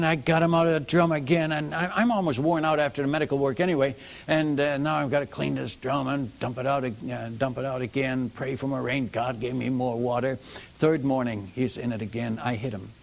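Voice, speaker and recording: An older man, a missionary preacher, telling stories from the pulpit in a folksy, animated sermon style, calling the audience folks and friends. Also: medium pitch, creaky. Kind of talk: storytelling sermon.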